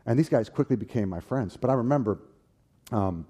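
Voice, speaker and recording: A man preaching and telling his own story, swinging from loud, animated bursts to hushed, tender tones. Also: medium pitch, brisk, slightly rough. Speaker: preacher giving a personal testimony. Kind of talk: sermon storytelling.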